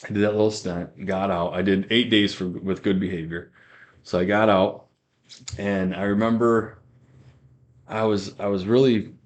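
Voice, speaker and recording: Rambling, low-voiced man telling his testimony. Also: steady tone, moderate pace. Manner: rambling storyteller who repeats himself and acts out quoted lines. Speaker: guest giving a faith testimony. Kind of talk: casual spoken testimony.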